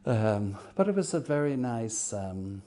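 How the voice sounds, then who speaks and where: An older man, a bishop, telling fond stories in an interview with many pauses and fillers. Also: lowish voice, big pitch swings. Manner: warm anecdotal, halting with fillers. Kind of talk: reminiscing interview.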